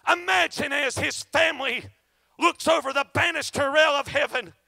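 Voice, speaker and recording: Fervent high-voiced preacher, gravelly. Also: male voice, normal speed, no echo. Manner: fervent, swinging between shouting and hushed low tones. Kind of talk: revival sermon. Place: preached for an online revival.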